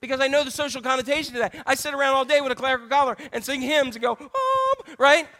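A middle-aged male pastor preaching a candid, self-deprecating sermon full of jokey asides and sudden high exclamations. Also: steady tone, rapid-fire, pushed and bright. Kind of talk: humorous conversational sermon.

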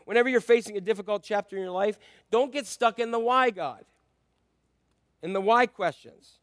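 A man preaching a conversational sermon, dropping to soft asides and rising to loud, emphatic passages. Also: sits high, moderate pace, no echo, clean studio sound. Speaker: pastor.

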